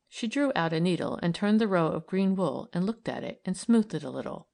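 A woman narrating a novel in a measured, even storytelling manner. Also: lowish voice, creaky. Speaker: audiobook reader. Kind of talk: scripted narration.

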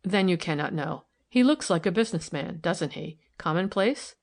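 A man's voice: high-pitched, expressive, normal speed, creaky. A woman reading the lines of a troubled young man who speaks soberly and wistfully in an audiobook.

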